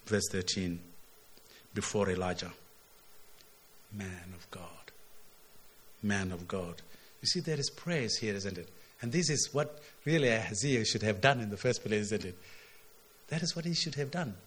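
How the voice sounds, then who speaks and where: A man preaches a sermon in a low, husky voice. He explains a scripture passage and keeps checking in with his listeners. His voice climbs and gets louder whenever he quotes the text. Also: measured pace, long pauses. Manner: expository, asks "isn't it?", surges loud on quotes.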